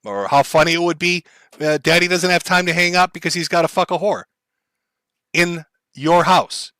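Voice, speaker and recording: Host, male, bright forceful tone, dry close sound, earnest chat commentary. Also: fairly high pitch, no room sound. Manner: measured, earnest, addressing chat directly. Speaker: stream host commenting on a clip. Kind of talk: casual commentary.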